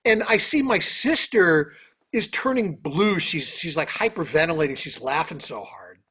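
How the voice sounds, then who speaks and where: A man, a guest on an interview, telling stories and answering questions in an animated, casual way over a video call. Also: on the high side, normal speed, slightly rough. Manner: animated, lots of fillers. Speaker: orchestra trumpeter, interview guest. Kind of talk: casual storytelling.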